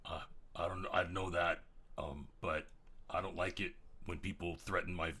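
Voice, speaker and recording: A man's voice: sits low, fairly even intonation, normal speed, bright, forceful tone, a little hiss or hum. A man playing a tabletop game, stumbling and hesitant at times, then emphatic. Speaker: player. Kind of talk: casual tabletop play.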